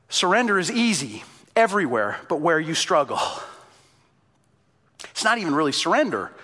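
A male pastor delivering a passionate sermon, building up to loud exclamations and telling stories. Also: on the high side, big-room sound. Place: church in Canada.

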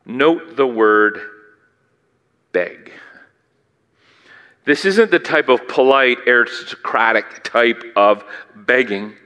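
Male preacher, bright pitched-up voice, dramatic delivery, long hall reverb. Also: slow, clear, resonant tone. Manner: animated, theatrical, swings from loud to hushed; asks the listeners questions. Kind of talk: sermon.

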